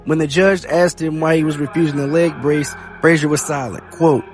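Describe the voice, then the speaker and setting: A man hosting a podcast, reading news reports aloud in a steady read-aloud delivery. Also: on the high side, moderate pace. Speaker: podcast host. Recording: faint music bed behind.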